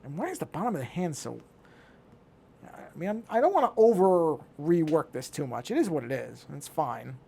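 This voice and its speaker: A man's voice: fairly high pitch, very animated, moderate pace, creaky, dark tone, slightly rough. A middle-aged man talking casually to himself as he works on a digital drawing, muttering and thinking aloud. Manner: talks to himself while working, muttering. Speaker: digital artist.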